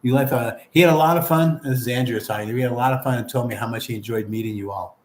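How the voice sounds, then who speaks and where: A man's voice: medium pitch, fast, roomy sound, slight background noise. A man hosting a casual livestream, reading viewer comments aloud in a friendly, rambling way. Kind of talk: casual live chat.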